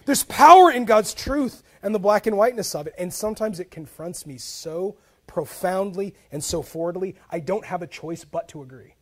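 A man preaching a sermon as a pastor, telling stories with humor in a conversational way. He is animated, dropping to soft asides and then rising into loud, emphatic bursts. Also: high-pitched, normal speed. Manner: conversational, with frequent "like" and repeated starts.

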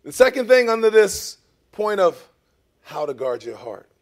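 A middle-aged man preaching a sermon, emphatic, swinging between loud emphasis and soft asides, often checking in with "okay?" and "amen?". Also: high-pitched, big pitch swings, unhurried. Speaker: pastor.

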